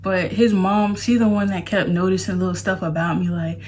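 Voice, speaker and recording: Chatty young woman vlogger, low-ish voice. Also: fairly even intonation, normal speed, slight background noise. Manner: chatty, loose, says "like" a lot. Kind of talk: casual storytime to camera.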